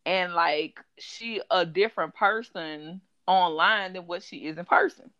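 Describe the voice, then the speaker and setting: A woman co-hosting a podcast, telling a story in casual chat with a gossipy, animated manner. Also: on the low side, a little slow, dry recording, muffled recording. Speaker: podcast co-host.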